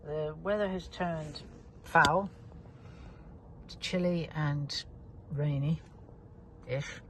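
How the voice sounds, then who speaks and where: Woman, budgie keeper, casual vlog narration, cooing at her birds, constant loud bird chatter behind. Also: deep voice, steady tone, drawn-out words, noisy background. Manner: coos and talks baby-talk to the birds. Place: bird aviary on a farm. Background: budgies chirping and squawking.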